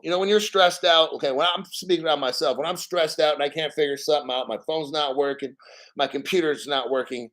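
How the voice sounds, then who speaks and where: A man's voice: fairly high pitch, fairly bright tone. A man hosting a casual livestream, reading financial news and chat comments aloud and giving blunt, profane opinions.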